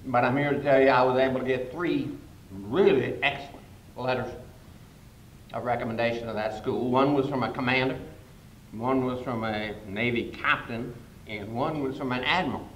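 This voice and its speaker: An older man giving a humorous, storytelling speech as a guest speaker at a conference, with sudden loud jumps in his delivery. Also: fairly even intonation, normal speed, highs cut off. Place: conference hall. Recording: echoey hall with faint rumble.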